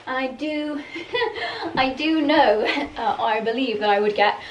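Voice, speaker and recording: A chatty young woman muses aloud about outfits, laughing often. Her voice sits a touch high and bounces off the walls of the room, with a faint hiss under it. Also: slow, far from the mic. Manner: chatty, giggly, thinking aloud. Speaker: fashion vlogger. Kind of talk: casual vlog chat. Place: room at home, trying on clothes. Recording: echoey room, voice from off-mic.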